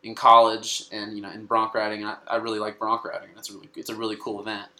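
A man's voice: lowish voice, completely flat delivery, fast talker, sharp tone, reverberant, poor audio. A young man, a comedian guest, telling a story casually, swearing often and restarting his sentences. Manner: swears a lot, many restarts.

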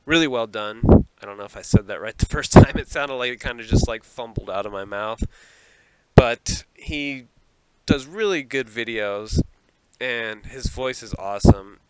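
A man's voice: mid-range voice, moderate pace, clean tone, rough recording. Rambling, self-deprecating male podcaster. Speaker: podcast host. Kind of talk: solo podcast monologue. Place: small closet.

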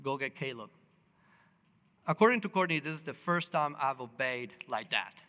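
Male preacher, slightly high voice; lively, filler-heavy storytelling sermon recorded in a long-reverb hall. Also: a little fast. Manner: animated, acts out quotes, many fillers and restarts.

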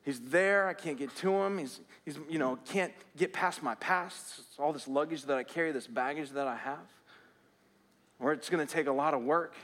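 A pastor preaching to his church, his voice sitting a little high for a man. He tells his stories plainly, repeats short phrases for weight, and builds to earnest calls to act. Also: a bit bright. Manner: storytelling, repeats phrases, rises to earnest urging. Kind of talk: sermon. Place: church sanctuary.

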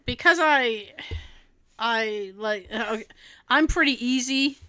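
A woman's voice: on the high side, slow, clean tone, no echo. A woman co-hosting a podcast in casual chat, telling stories with plenty of swearing and acting out what other people said. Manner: animated storyteller, swears freely, acts out quoted dialogue. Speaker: podcast co-host.

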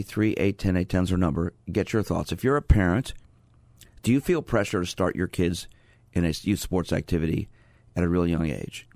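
A man hosting a radio call-in show as a sports psychologist, talking in a steady, conversational way and inviting callers from a studio. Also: low-pitched, no echo.

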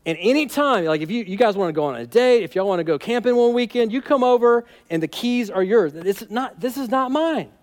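A man's voice: very high voice, animated, fairly quick, hardly any pauses, pitched above the performer's own voice. A man preaching, voicing a generous young friend who earnestly offers his car to others.

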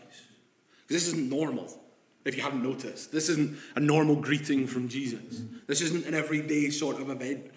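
A male preacher delivers a sermon in an echoey hall-like room. He drops to hushed, drawn-out quotations, then builds into louder, emphatic stretches. His pitch sits at a middle level for a man. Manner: shifts between hushed, slow quotes and rising emphatic passages.

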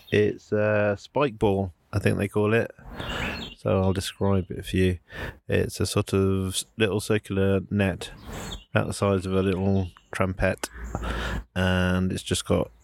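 A man's voice: sits low, creaky, a little hiss or hum. A man, recording a casual outdoor audio diary, rambling with lots of fillers and asides. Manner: rambling, relaxed, many fillers. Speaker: podcaster. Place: outdoors at home, near a street. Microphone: handheld recorder on the move.

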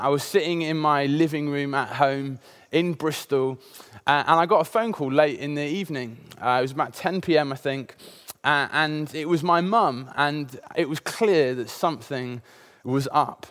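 A man's voice: fairly high pitch, a little slow, fairly bright tone. A man in his thirties preaching a sermon, opening with a personal story in a conversational way and many filler sounds.

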